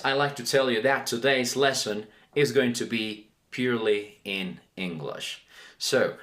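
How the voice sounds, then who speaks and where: Male teacher, slow and deliberate, very lively pitch. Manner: enthusiastic, emphatic, repeats words slowly. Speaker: English teacher. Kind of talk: language lesson.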